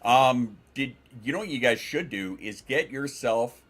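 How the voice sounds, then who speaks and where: A man's voice: medium pitch, animated, a little slow, a bit bright, husky. A man chatting casually on a livestream, reading chat aloud and replying in a rambling, profane way with frequent restarts. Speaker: streamer.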